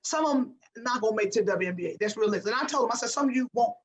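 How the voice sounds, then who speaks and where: A woman with a mid-range voice talks rapid-fire with lively intonation over poor audio. She's a guest speaking as a basketball coach in a motivational interview, emphatic and repeating phrases for effect.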